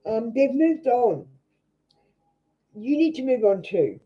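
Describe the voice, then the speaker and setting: A woman's voice: on the high side, big pitch swings, takes it slowly, husky, muffled recording. A woman with an Australian accent doing a live tarot reading, blunt and scolding, swearing freely as she talks to viewers. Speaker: tarot reader.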